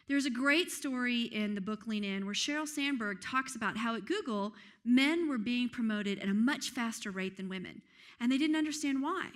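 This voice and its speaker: A woman's voice: on the high side, fairly bright tone. Upbeat woman giving a conference talk. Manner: upbeat, enthusiastic and self-deprecating. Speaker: keynote speaker. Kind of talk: TED-style conference talk. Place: conference stage before an audience.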